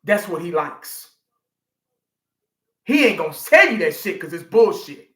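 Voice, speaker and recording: A man's voice: sits high, very animated, measured pace, pushed and bright, reverberant. A man in his forties, a sports fan vlogger ranting through a live reaction, swearing freely and repeating himself for emphasis.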